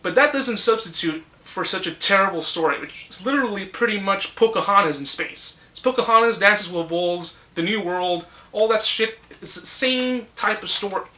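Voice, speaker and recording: A man's voice: sits high, moderate pace, few pauses, sharp tone. A man in his twenties giving his blunt, ranting opinions on movies in a casual vlog, swearing freely. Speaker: movie reviewer. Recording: echoey room.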